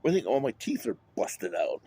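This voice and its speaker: A man's voice: mid-range voice, sing-song, a little fast, mellow, slightly rough. A man talking in a rambling monologue, drifting between topics and swearing often. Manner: rambling, wandering, with frequent swearing.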